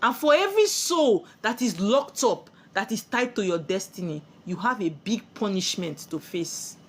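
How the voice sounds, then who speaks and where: A woman's voice: medium pitch, animated, normal speed, slight background noise. A woman with a Nigerian accent giving a spiritual sermon, preachy and full of rhetorical questions she answers herself. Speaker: spiritual teacher.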